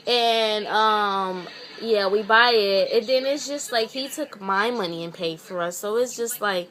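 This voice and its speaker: A woman's voice: mid-range voice, unhurried, hardly any pauses, a bit bright. A young woman vlogger casually telling a story, chatty and exasperated, full of "I'm just like" asides.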